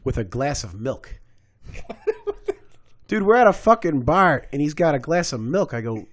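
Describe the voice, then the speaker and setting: A young man co-hosting a podcast, telling a story among friends in a casual, animated way, acting out quotes and swearing freely. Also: on the high side, a little slow. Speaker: podcast co-host.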